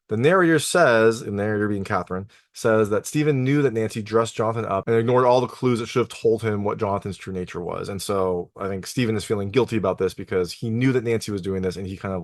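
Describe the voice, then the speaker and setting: A man's voice: lowish voice, no echo, clean studio sound. A man hosting a TV review channel, casually recapping an episode with lots of filler words. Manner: conversational, lots of "like" and "you know" fillers. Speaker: TV review host.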